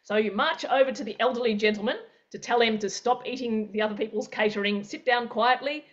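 A woman leads an online workshop, acting out scenarios with playful sound effects and an animated, lively delivery. Her voice sits a little high. The audio is dull and lo-fi, like a video call. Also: quick pace, hardly any pauses. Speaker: presenter. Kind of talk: interactive workshop teaching.

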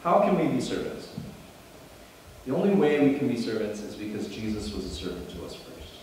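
A man preaching a sermon as pastor, animated and building to emphatic bursts, often restarting his phrases. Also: mid-range voice, a little fast, a little hiss or hum. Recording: echoey hall, mic at a distance.

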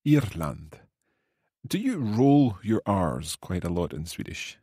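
A Scottish man hosting a podcast language lesson, repeating phrases slowly and carefully and laughing easily. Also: on the low side, very animated, warm tone, husky, no room sound, clean studio sound. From Scotland. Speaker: podcast host and language learner.

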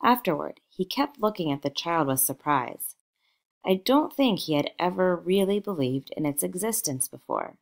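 A woman narrating a novel aloud in a measured, expressive storytelling manner. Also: on the low side, gravelly. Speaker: audiobook narrator.

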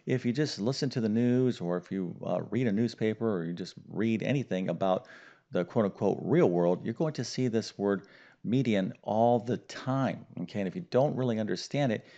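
A man's voice: on the low side, moderate pace, warm tone, muffled recording. A middle-aged man teaching a math lesson in an emphatic, upbeat way, full of "okay" and small fillers.

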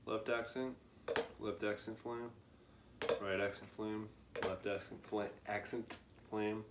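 A man giving a casual drum lesson, speaking slowly and counting out beats as he plays. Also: fairly low pitch, very noisy. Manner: slow, relaxed, counts aloud while demonstrating. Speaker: drum teacher. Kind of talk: casual instructional demo. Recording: echoey room with loud kitchen clatter.

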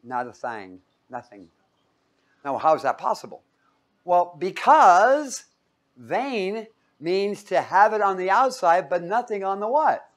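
A man's voice: high voice, big pitch swings, takes it slowly, a bit bright. Playful man teaching a Bible class. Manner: playful, quizzes the audience and jokes.

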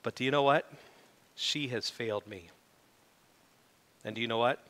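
Middle-aged male pastor, bright forceful tone, reverberant church hall, animated sermon delivery. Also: mid-range voice, normal speed. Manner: animated preaching, rising to loud emphatic peaks. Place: church sanctuary.

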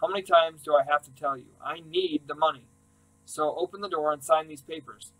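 A pushy middle-aged uncle begs and insists, wheedling in a slightly high voice, as a man reads him in an audiobook. He talks down to his brother as if to a small child. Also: fairly even intonation, brisk, a bit bright, poor audio. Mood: pleading.

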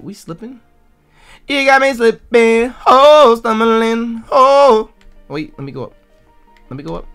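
Excitable, swearing young gamer guy. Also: high-pitched. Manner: excitable, profane, bursts into loud yells. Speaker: let's play streamer. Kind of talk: casual gameplay commentary. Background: faint game music.

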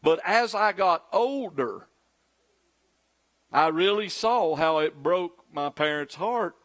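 Middle-aged man, pastor's sermon, high voice, dramatic pleading quotes. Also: expressive, slow, a bit bright. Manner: acts out quoted pleas in a raised, pleading voice.

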